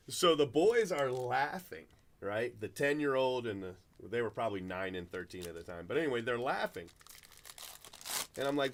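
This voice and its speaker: A middle-aged man hosts a card break in a loose, chatty way. He rambles through his stories and restarts his sentences often. His voice sits in an ordinary middle pitch. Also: expressive, normal speed. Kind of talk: casual chat while opening cards.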